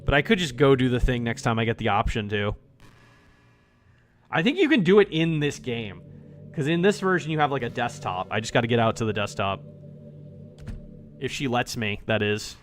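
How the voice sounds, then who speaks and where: A man's voice: medium pitch, lively intonation, moderate pace, long pauses, faint music behind. A man streaming a visual novel, joking and talking to the game character as he plays. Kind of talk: casual gameplay commentary.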